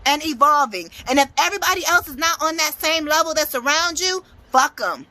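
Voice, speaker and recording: Bright, high-voiced emphatic woman. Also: expressive, a little fast. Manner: emphatic, profane, preachy. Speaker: motivational speaker and tarot reader. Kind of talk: blunt motivational tarot talk.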